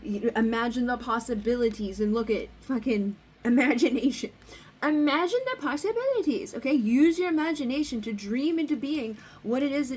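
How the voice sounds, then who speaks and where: High-voiced woman, blunt and rambling. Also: animated, normal speed, a little mellow, husky. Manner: rambling, blunt, swears freely. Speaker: spiritual card reader. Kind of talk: casual oracle card reading.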